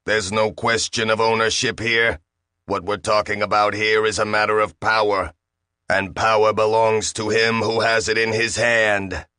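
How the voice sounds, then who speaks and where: Bossy, sarcastic machine with a slight accent, voiced by a man; lowish, dry delivery. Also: little pitch movement, normal speed, bright, forceful tone, smooth, no echo. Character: bullying, smarmy talking disruptor machine.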